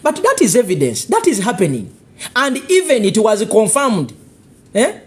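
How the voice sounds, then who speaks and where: Ugandan-accented political commentator, husky and animated, hammering rhetorical questions at listeners. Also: mid-range voice, normal speed. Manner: confrontational, full of rhetorical questions and warnings. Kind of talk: live political commentary monologue.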